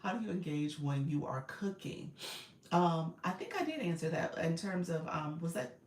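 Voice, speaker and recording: A woman's voice: sits low, lively intonation, moderate pace, darkish tone, roomy sound. A woman in her forties coaching on a livestream, chatty and direct, often breaking into laughter. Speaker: live-streaming coach. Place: inside a car.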